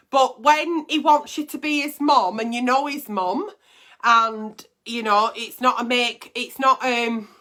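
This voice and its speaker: A woman's voice: fairly high pitch, pushed and bright. A middle-aged woman hosting a casual advice chat, reading listener letters and answering them bluntly with plenty of swearing.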